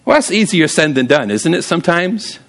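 A man preaching a sermon as pastor, casual and humorous, telling stories and often jumping up high for emphasis. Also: sing-song, moderate pace.

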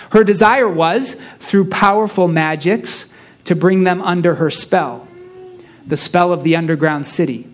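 A man preaching a sermon, reading a story aloud with slow, hushed emphasis on key lines. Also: sits high.

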